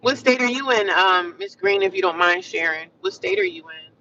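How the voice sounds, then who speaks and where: An American woman chatting casually with her livestream viewers, animated and repetitive, calling them honey and sis. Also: mid-range voice, moderate pace, distant mic, dull audio, a little hiss or hum. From United States. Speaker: livestream vlogger.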